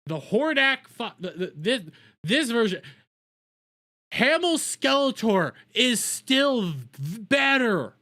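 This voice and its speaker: A man's voice: extremely high pitch, big pitch swings, slow, bright, forceful tone. A young adult man giving profane, rambling reaction commentary as a video host.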